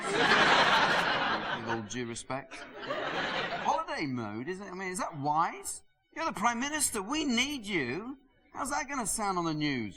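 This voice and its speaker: A man doing a dry, sardonic stand-up comedy monologue to an audience. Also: mid-range voice. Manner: dry, sardonic, deadpan delivery. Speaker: stand-up comedian and show host. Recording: hissy VHS tape rip. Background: audience laughter.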